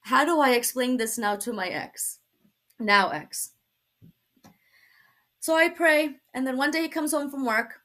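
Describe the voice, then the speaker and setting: Bright-voiced Brooklyn woman telling her story. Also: high voice, unhurried, long pauses. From Brooklyn, New York. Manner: animated storyteller, laughs often, acts out quoted dialogue. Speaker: guest sharing testimony. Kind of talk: personal testimony in a talk show.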